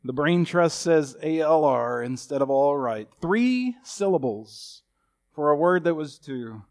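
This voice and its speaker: A man's voice: fairly high pitch, animated, unhurried, a little mellow. A man in his fifties preaching a sermon in a folksy, humorous storytelling manner. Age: 50s. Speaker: pastor.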